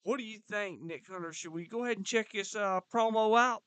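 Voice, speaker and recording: High-voiced excitable man hosting. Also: smooth, no room sound, rough recording. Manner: excitable, interrupts with quick questions. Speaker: wrestling show host. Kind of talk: casual podcast chat.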